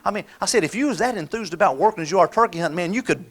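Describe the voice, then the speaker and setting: A man's voice: sits high, lively intonation, rapid-fire, fairly bright tone. Folksy man, fervent storyteller. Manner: folksy, storytelling, acts out quoted voices. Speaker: motivational speaker. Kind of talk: live motivational talk.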